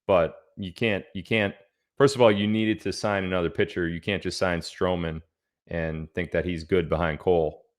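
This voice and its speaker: A man's voice: low-pitched, fairly even intonation, moderate pace. A man hosting a casual livestream, chatting loosely and reading out where viewers are from. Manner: chatty, reads out viewer locations. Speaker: livestream host.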